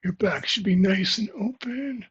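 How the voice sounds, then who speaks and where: A man leading a yoga workout with calm, encouraging step-by-step cues. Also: high voice, a little slow, slightly rough. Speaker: yoga instructor. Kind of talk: guided workout instruction. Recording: slightly muffled, lo-fi audio.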